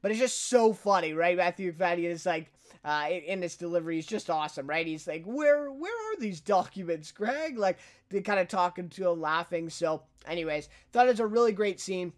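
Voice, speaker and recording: Young male reviewer, light high voice, casual filler-laden recap. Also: a little fast. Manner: chatty, filler-heavy, laughs while retelling scenes.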